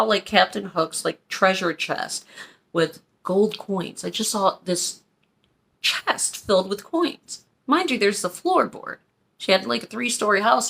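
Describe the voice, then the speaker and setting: A woman from Pennsylvania telling a personal story in a casual, animated vlog style. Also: mid-range voice, creaky. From Pennsylvania, USA. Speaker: vlogger.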